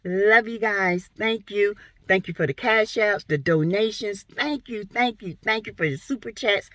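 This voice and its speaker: A woman's voice: medium pitch, measured pace, fairly bright tone. A woman from South Carolina giving blunt, sassy gossip commentary on reality TV. She talks to her viewers in a playful, exclamatory way.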